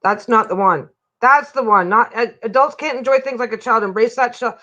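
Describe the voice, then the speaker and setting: A woman's voice: fairly high pitch, a little fast, bright, forceful tone. A woman hosting a casual livestream chat from her home, rambling and often breaking off mid-sentence. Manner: rambling, self-interrupting, chatty. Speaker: livestream host.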